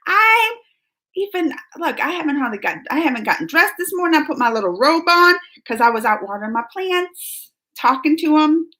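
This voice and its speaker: A woman's voice: high-pitched, sing-song, normal speed, pushed and bright. A woman hosting a casual live-stream chat from home, chipper and chatty, reading viewer names aloud. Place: at home, just out of bed.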